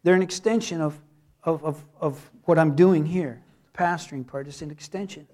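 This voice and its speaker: High-voiced man preaching earnestly. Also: a little fast, darkish tone. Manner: earnest, repeats words for emphasis. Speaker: pastor. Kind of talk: sermon.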